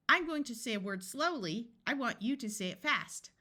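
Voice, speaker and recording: A woman with an American accent teaching a phonics lesson, sounding out each letter of short words slowly and clearly for young readers. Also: on the high side, big pitch swings, pushed and bright. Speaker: reading tutor. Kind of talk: slow phonics lesson for children.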